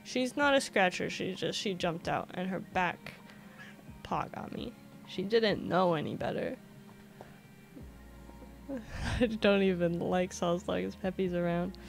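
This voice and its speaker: A woman's voice: fairly low pitch, slow pace, vocal fry, long pauses, faint music behind. A woman streaming from her home desk in a casual chat, coaxing her cat in a sing-song voice. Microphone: desk microphone.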